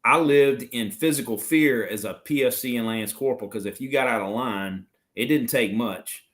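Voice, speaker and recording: A man's voice: mid-range voice, moderate pace, fairly bright tone. A middle-aged man, a retired Marine officer, telling blunt, profane stories in a casual interview. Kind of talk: casual storytelling chat.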